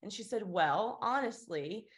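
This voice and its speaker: A woman's voice: medium pitch, a little slow. A woman in her twenties from Florida, an interview guest earnestly telling a personal story and acting out the people in it. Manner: earnest, acts out quoted voices with lively shifts.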